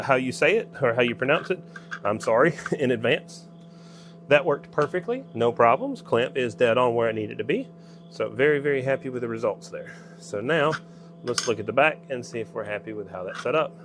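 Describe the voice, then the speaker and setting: This workshop maker, a man with a Southern US accent, talks himself through his work in a casual way. He has a mid-range voice with lively intonation at normal speed, and there's a little hiss or hum.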